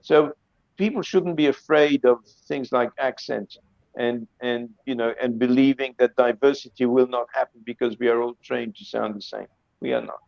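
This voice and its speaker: A man's voice: medium pitch, moderate pace, creaky, a little mellow, no room sound. A man speaking emphatically on an academic video-call panel, often repeating words as he reworks a thought. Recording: dry, slightly dull lo-fi audio.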